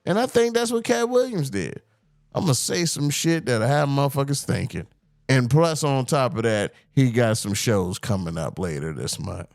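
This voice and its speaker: A man hosting a podcast in casual chat, talking in an animated, profane way and often mimicking other people's voices. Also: mid-range voice, normal speed, vocal fry, no room sound, studio quality. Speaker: podcast host.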